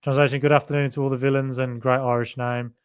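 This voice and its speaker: A man's voice: medium pitch, little pitch movement, quick pace, clean tone. A man with a Birmingham accent hosting a casual live-stream podcast, chatting loosely and reading out viewer comments. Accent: Birmingham (Brummie). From Birmingham, England. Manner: chatty and rambling, with many fillers and asides. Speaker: podcast host.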